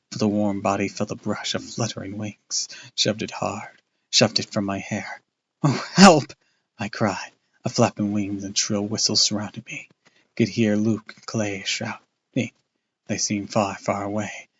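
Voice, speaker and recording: A man's voice: on the low side, a bit bright, husky, dull audio. A man casually reading a book aloud on a live stream, loose and off-hand, with crude asides.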